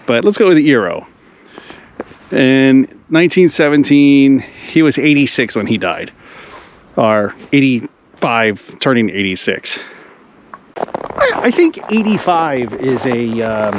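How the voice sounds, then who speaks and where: A man's voice: medium pitch, big pitch swings, unhurried, long pauses, rough recording. A man casually vlogging while strolling through a snowy cemetery, rambling and thinking aloud with lots of "like". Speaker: travel vlogger. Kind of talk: casual walking vlog. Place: snowy cemetery outdoors in winter.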